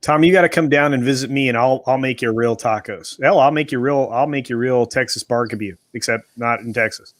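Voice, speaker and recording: A man's voice: mid-range voice, fairly quick, few pauses. A man chatting casually on a group call, easygoing and joking. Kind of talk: casual chat.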